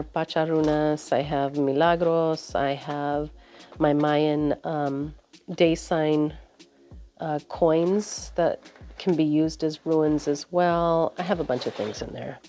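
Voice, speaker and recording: Low, mellow woman chatting casually. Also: slight background noise. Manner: rambling, chatty, with many fillers and restarts. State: out of breath. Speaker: vlogger giving a desk tour. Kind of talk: casual chat.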